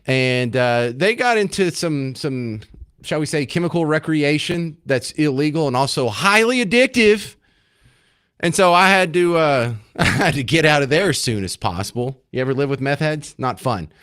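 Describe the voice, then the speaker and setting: A male talk radio host with a mid-pitched voice, speaking into a studio microphone in a dry, close room. He talks conversationally and keeps the calls moving. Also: expressive, moderate pace, fairly bright tone, no room sound. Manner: conversational, steers callers along.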